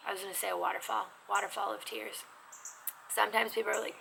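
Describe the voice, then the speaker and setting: A woman teaching a casual video lesson on sign language, talking in an animated, expressive, chatty way. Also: mid-range voice, quick pace, creaky. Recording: noisy background.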